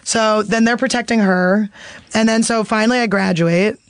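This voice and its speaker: A woman guest on a podcast, telling a story in a blunt, profane, animated way. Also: medium pitch, moderate pace, no echo. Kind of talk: casual chat.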